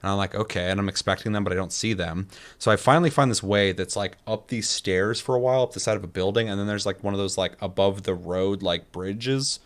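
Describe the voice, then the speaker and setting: A man's voice: fairly low pitch, a little fast. A man co-hosting a casual gaming podcast, telling game stories with lots of swearing and laughter. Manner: animated storytelling, heavy swearing, laughs often. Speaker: podcast co-host.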